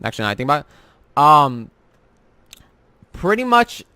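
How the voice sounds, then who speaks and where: Young male vlogger with a slightly high voice and a dry, close sound; rambling, profane storyteller. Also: very animated, normal speed, bright, forceful tone, clear, resonant tone, dry recording. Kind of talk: casual rant about work.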